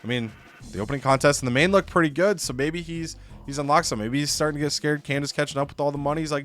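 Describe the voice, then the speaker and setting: A man's voice: a little high, steady tone, quick pace, a bit bright, faint music behind. A man casually retelling a wrestling game session, with lots of "you know" and "like" fillers. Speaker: let's-play co-host. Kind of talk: casual game recap storytelling.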